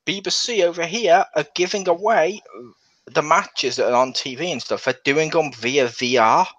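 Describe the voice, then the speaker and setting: A chatty young man rattles on in a casual group chat, laughing easily as he talks. His voice sits a bit high, and the sound is dull and lo-fi. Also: normal speed. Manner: chatty, animated, laughs often. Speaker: podcast co-host.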